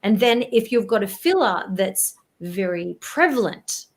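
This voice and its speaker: A woman, a voice presentation coach giving tips in an interview, animated and demonstrative. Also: mid-range voice, unhurried.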